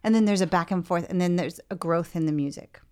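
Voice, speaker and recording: A woman's voice: lowish voice, quick pace, a little mellow, clean tone. A woman music therapist in a podcast interview, explaining her work and acting out bits of session dialogue.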